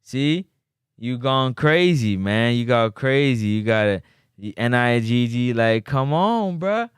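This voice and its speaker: Animated man hosting sports talk. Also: mid-range voice, slow, clear, resonant tone, dry recording, studio quality. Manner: animated, banters with live chat. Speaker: sports talk show host. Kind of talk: casual livestream chat.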